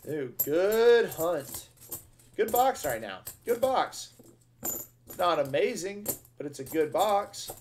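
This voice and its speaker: A man hosts a live stream, chatting casually with his viewers in a slangy, excitable way. His voice sits a little high for a man. He takes his time and drawls through his words. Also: slow, soft background music. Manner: excitable and slangy, with loud bursts over finds. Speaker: host of a live coin-roll hunting stream.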